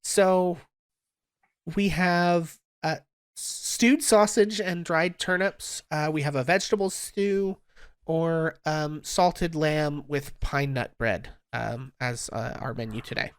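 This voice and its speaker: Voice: mid-range voice, slow, clear, resonant tone, no echo, studio quality. A game master voicing a flustered young woman serving at a tavern, stammering through fillers and restarts. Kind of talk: tabletop role-play in character.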